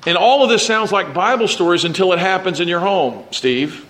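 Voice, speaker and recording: Pitched high and a bit bright, this man preaches at a moderate pace to his congregation. His sermon is conversational, reading scripture and working through it with frequent restarts.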